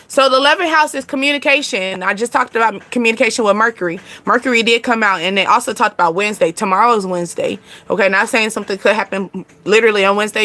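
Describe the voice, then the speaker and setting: A high-voiced woman, chatting loosely through an astrology reading. Her tone is bright and lively. She laughs a lot, calls her viewers "y'all" and swears offhand. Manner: chatty, laughs often, sings and acts out snippets. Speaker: spiritual reader.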